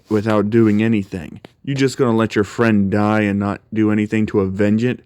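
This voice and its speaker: A man's voice: fairly low pitch, a little mellow, no echo, clean studio sound, close to an everyday voice. A man voicing Poseidon, a stern, blunt king of the gods. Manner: blunt, scolding, swears.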